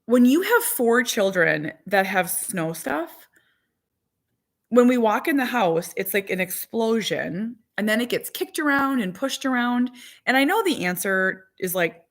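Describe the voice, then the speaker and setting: Casual mom vlogger, thirties, rambling and talkative into a phone at home. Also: female voice, a little high. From Minnesota. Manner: chatty, rambling, talks to viewers and dog. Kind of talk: casual livestream chat. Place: home in winter.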